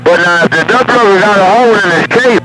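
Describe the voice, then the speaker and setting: A man's voice: high-pitched, fast talker, low-quality recording. A man rambling and teasing over CB radio. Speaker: CB radio caller. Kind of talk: casual CB radio banter. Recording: voice over CB radio with loud music.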